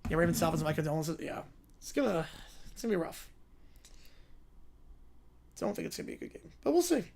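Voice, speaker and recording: A man's voice: a little high, vocal fry, slight background noise. Male stream host, casual, offhand asides. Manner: relaxed, offhand, quick asides. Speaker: livestream host. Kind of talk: casual livestream chat.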